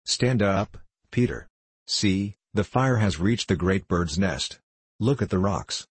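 A man reading aloud, voicing an eager, tender-hearted little mountain girl who exclaims excitedly. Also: low-pitched, measured pace, breathy edge, dry recording, heavily acted.

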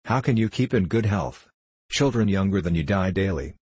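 A man's voice: sits low, expressive, moderate pace, a little mellow, breathy edge, no room sound. A man voicing a stern, severe clergyman who questions a child solemnly in a storybook reading. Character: stern severe male clergyman, tall and grim.

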